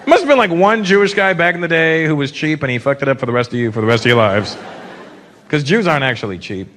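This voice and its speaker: A man in his fifties from Canada doing a stand-up comedy set in a large theater, animated and slipping into mocking put-on voices. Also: a little high, fast talker. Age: 50s. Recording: live show with crowd noise. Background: laughing audience.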